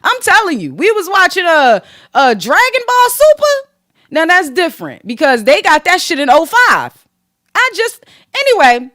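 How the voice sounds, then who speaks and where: Sassy high-voiced woman podcast host. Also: normal speed, dry recording, studio quality. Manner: sassy, profane, animated gossip. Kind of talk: casual commentary podcast.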